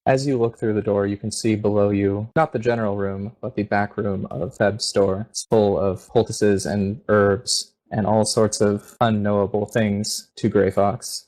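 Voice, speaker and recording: A man narrating a tabletop game as game master, steady and descriptive. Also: fairly low pitch, poor audio.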